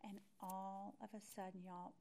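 A middle-aged woman teaching a Bible study through a personal story, animated and acting out her own thoughts as she tells it. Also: medium pitch, measured pace, a little hiss or hum.

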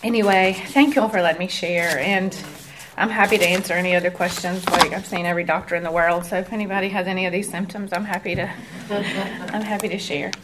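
A woman's voice: lowish voice, fairly even intonation, quick pace, noisy background. A woman, earnestly sharing a personal testimony with a church group in a conversational way and acting out the voices of the people in her story.

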